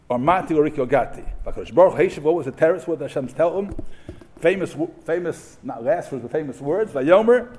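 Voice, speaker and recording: A man's voice: fairly high pitch, expressive, fairly quick, a little mellow. Emphatic man giving a sermon. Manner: emphatic, rhetorical questions, mixes Hebrew and Yiddish terms. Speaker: rabbi giving a memorial talk. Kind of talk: sermon to a yeshiva audience.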